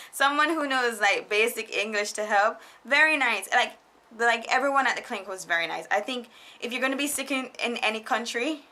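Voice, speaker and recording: A young woman casually telling a storytime vlog, animated and laughing often, quoting people in put-on voices. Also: medium pitch. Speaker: vlogger. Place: foreigner living in Japan.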